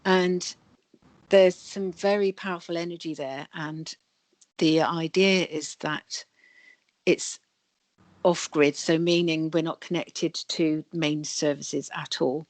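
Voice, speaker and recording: A woman guest on a video call interview, calmly explaining energy healing. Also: low voice, takes it slowly, no echo. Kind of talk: interview answers.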